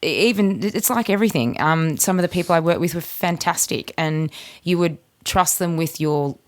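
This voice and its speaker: Low-voiced woman, chatty guest. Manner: chatty, quick with jokey asides. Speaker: guest, band member. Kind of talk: casual interview chat.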